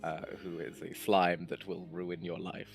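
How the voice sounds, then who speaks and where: A man playing a tabletop game, planning aloud in a deliberate way. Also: sits low, level tone, creaky, faint music behind. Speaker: player.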